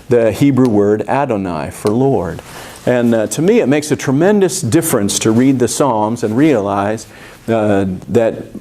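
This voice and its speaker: A man's voice: medium pitch, dark tone. A man teaching a Bible study class at a church, explaining things in a conversational way with frequent fillers and restarts.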